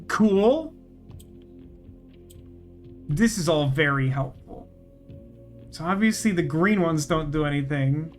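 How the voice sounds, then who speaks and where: Gamer host, male, raised pitch, thinks out loud, wry asides, light music underneath. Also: animated, slow, long pauses. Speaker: gaming channel host. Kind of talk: let's play commentary.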